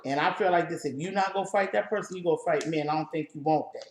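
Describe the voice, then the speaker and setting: A woman with a New Orleans accent telling a story in casual chat, lively and animated, acting out the people in it. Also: low-pitched, racing, roomy sound, background noise. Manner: lively, animated, acts out voices in her stories. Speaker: co-host.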